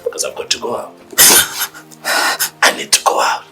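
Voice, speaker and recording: An actor playing a menacing, violent husband who taunts and threatens his wife, swinging from low mutters to shouts. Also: moderate pace, poor audio. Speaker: abusive husband. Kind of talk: Nollywood film acting.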